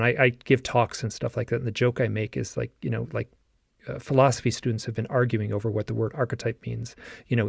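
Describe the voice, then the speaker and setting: Gravelly-voiced man telling a story. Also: mid-range voice, no room sound, clean studio sound. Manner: earnest, storytelling with many fillers. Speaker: podcast host. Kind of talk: conversational interview.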